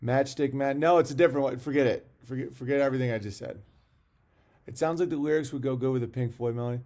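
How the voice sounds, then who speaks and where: A man's voice: mid-range voice, steady tone, quick pace, a little mellow. A man hosting a casual livestream, rambling, reading viewer comments aloud and talking bluntly with the odd swear word. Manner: blunt and profane. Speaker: livestream host.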